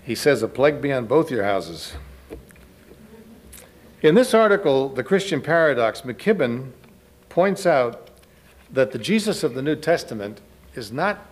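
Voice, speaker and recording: A man's voice: mid-range voice, sing-song, normal speed. A man giving a spoken lecture to a live audience, conversational, often turning to ask the listeners questions. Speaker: lecturer speaking to a church audience.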